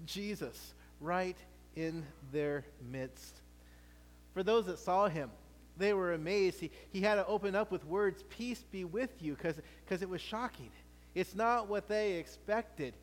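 A man preaching a sermon as pastor, animated and playful, often restarting his words. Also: sits high, big-room sound.

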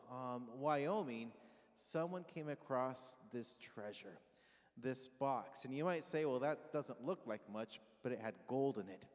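A pastor giving a conversational sermon, asking his congregation questions and having them call back answers. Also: mid-range voice. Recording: long reverb of a large hall.

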